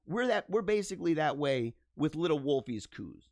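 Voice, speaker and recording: A man hosts a live stream, talking loosely and jokily to his viewers and often tripping over his words. His voice sits a little high and swings widely in pitch. The sound is close and dry. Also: moderate pace, few pauses, no echo. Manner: animated, joking, frequent laughs and stammered restarts.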